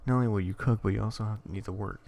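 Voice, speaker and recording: Gravelly low-voiced man reading a scary story. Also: fairly even intonation, very fast. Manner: rambling, stumbles and self-corrects, jokes between lines; reads in a hushed would-be ASMR horror tone. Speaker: reader of an interactive horror story. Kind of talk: casual reading with asides.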